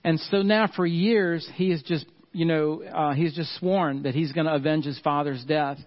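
Middle-aged man, pastor, sermon, earnest, slightly high voice, slightly muffled recording. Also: fairly even intonation. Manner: earnest, slows down and softens on key points.

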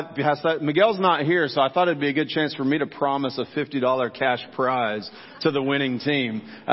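Middle-aged male pastor, laid-back and joking, preaching in a church with a long echo and a muffled, dull sound. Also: mid-range voice. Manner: casual, joking, talks straight to the congregation. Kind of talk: sermon. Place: church sanctuary.

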